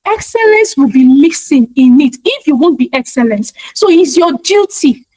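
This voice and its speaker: A woman's voice: high voice, lively intonation, normal speed, warm tone, no echo, low-quality recording. A woman giving a motivational talk, speaking emphatically and repeating her key points in a preacher-like way. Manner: talks of her own practice in speaking to online audiences.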